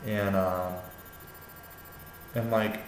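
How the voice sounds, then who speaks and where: A man's voice: lowish voice, level tone, very slow. A young man giving a classmate casual spoken feedback on a paper, hesitant, with many fillers and restarts. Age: young adult. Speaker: student giving peer feedback. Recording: echoey room with faint ambient noise.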